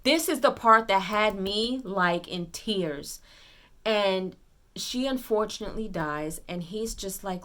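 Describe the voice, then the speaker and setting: A woman giving a casual spoiler movie recap, retelling scenes excitedly with lots of fillers and restarts. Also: mid-range voice, slow. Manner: excited retelling, acts out characters' lines. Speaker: movie reviewer.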